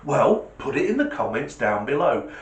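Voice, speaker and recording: A man, hosting a comedy channel and telling jokes in an animated, punchy way. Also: mid-range voice, normal speed. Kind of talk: joke telling. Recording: echoey room.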